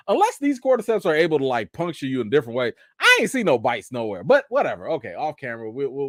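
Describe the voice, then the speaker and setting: Animated man chatting casually. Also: medium pitch, dry recording, clean studio sound. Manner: animated, joking, loose slangy talk. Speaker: TV show reaction host. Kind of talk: casual live-stream chat.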